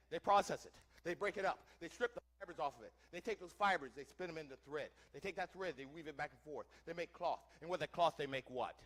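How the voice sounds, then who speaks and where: Before an audience in a church hall, a man performs a first-person historical reenactment as a wagon teamster, theatrically quizzing listeners. His voice is a little high and fairly bright.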